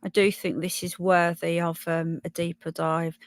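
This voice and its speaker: A woman's voice: lowish voice, little pitch movement, moderate pace, no room sound. A woman with a Brummie accent hosting a casual livestream, chatting and thinking aloud as she reads news and viewer comments. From Birmingham, England. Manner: chatty, thinks aloud, stumbles over names. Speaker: livestream host.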